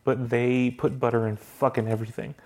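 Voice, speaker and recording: A man's voice: medium pitch, level tone, brisk, darkish tone. A young married man hosting a podcast, telling stories in casual chat, laughing often and swearing freely. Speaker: podcast host.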